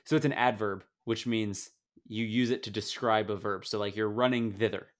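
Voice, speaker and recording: A man's voice: on the low side, normal speed. A young man co-hosting a podcast, chatting playfully and laughing often. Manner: playful, laughs often, animated when retelling. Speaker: podcast co-host. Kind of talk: casual chat.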